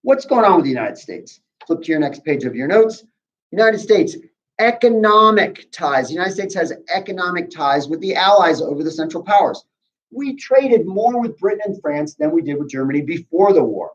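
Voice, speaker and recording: A man's voice: a little high, animated, normal speed. A man teaching a history class in a casual, conversational way, with asides to his students. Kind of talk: classroom lecture. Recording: dull lo-fi recording.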